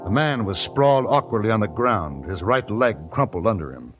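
A man's voice: fairly low pitch, normal speed, close to an everyday voice. A man playing a terse Western manhunter. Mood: narrating. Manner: dry, terse and steady. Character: calm, tough Western manhunter who narrates. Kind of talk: 1950s radio drama narration and dialogue. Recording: dull old radio recording with music.

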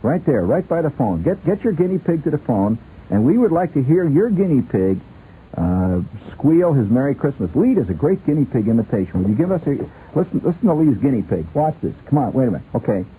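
A male radio host speaks in a mid-range, dark-toned, sing-song voice, a little fast. His banter is rambling, playful and comic, with frequent laughs, carried on tinny lo-fi radio with faint hiss.

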